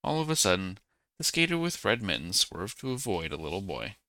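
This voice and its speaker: Man reading a bedtime story, very low voice, gravelly, bright edge, dry close sound. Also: very animated, a little fast, no room sound.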